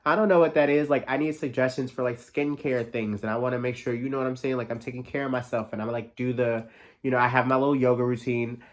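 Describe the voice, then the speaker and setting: A man in his thirties talking in a casual solo monologue as podcast host, fast and excitable with lots of filler words and the odd curse. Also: medium pitch. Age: 30s. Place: New York.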